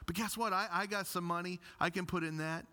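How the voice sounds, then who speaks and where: A smug young rich man bragging about how good he is, acted by a preacher. The voice is pushed high and bright, with a self-satisfied edge. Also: fairly even intonation, fairly quick.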